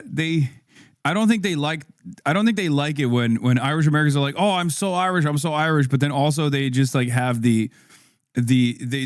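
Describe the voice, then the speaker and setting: A man's voice: mid-range voice, dry recording, clean studio sound. A man streaming, riffing casually with profanity and frequent laughs as he reacts to a video.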